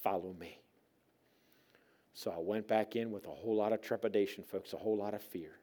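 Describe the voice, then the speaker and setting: A man's voice: on the low side, quick pace. Impassioned preacher, a man telling a testimony. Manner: emotional storyteller, swings from hushed to loud, addresses folks directly. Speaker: guest preacher. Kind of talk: sermon testimony.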